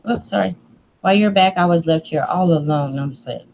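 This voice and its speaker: A woman's voice: fairly low pitch, fairly quick, creaky, muffled recording, a little hiss or hum. A woman hosting a casual livestream from home, chatting loosely with playful asides and laughter. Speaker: livestream host. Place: indoors at home near a window.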